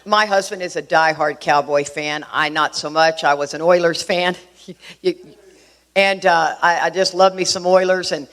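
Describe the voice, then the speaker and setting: A middle-aged woman from Houston, speaking to a recovery group, telling her story in an animated way with emphatic asides. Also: fairly low pitch, moderate pace. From Houston, Texas. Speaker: AA workshop speaker. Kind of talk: personal recovery talk to a group.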